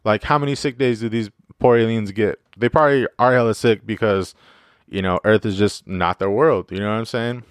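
Male podcast host, solo casual monologue: slightly low, smooth voice, dry close sound, loose and profane delivery. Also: brisk, no echo. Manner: rambling, profane, joking, many fillers.

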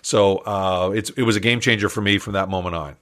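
An older man, an entrepreneur guest in an interview, telling a story in a lively, animated way with frequent laughs. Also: on the low side, brisk.

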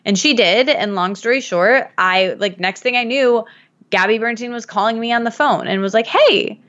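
A woman's voice: a little high, normal speed, fairly bright tone. Chatty woman in her thirties from Michigan, rambling storyteller voice, podcast guest, slightly muffled sound. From Michigan, USA. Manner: chatty, storytelling with many fillers. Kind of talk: casual podcast conversation.

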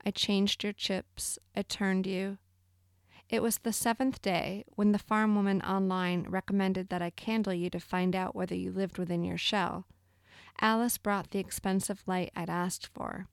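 A woman reading a literary short story aloud in a measured, brooding way. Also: medium pitch, level tone, creaky, dry recording, studio quality. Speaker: narrator. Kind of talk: scripted literary narration.

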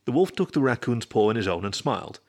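A man reading a story aloud as narrator in a steady storybook manner. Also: medium pitch, fast. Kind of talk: scripted narration.

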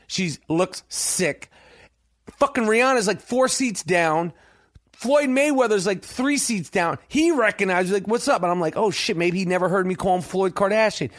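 High-voiced swearing New man. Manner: animated, heavy swearing, acts out quotes. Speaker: podcast host. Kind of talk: profane storytelling monologue.

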